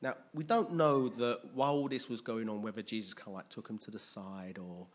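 Man preaching to a congregation, husky and chatty, keeps asking if they follow. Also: on the low side, steady tone, a little fast. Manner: conversational, often checks in with listeners. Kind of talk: conversational sermon.

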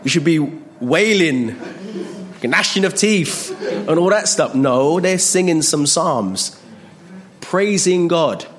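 A man preaching a sermon in a jokey, animated way, acting out voices with big jumps in pitch. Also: slow pace.

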